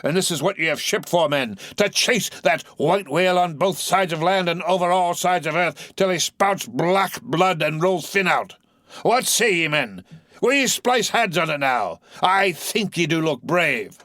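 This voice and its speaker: A man's voice: sits high, expressive, unhurried, a bit bright, no room sound, studio quality, pitched above the performer's own voice. A man voicing an obsessed, vengeful old sea captain in an audiobook, with impassioned, thundering speech. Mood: raging.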